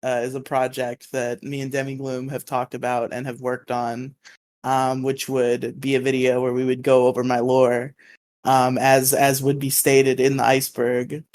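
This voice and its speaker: A man's voice: mid-range voice, completely flat delivery, normal speed, a little mellow. A man co-hosting a podcast in casual chat over a voice call, rambling and self-deprecating, laughing often. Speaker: podcast co-host.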